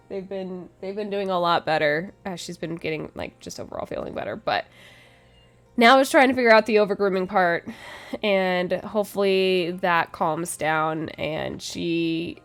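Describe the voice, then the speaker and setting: A woman streaming a game, chatting casually with her viewers, giggling often and restarting her sentences. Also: mid-range voice. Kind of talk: casual chat with chat.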